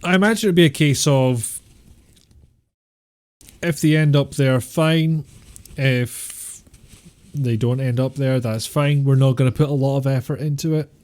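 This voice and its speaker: A man's voice: mid-range voice, measured pace, a little mellow. A man streaming a video game, rambling and joking with chat and swearing often. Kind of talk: casual gameplay commentary.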